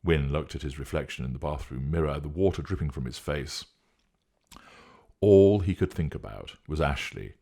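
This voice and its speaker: A man narrating a story in a steady, measured reading voice. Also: extremely low pitch, gravelly, husky.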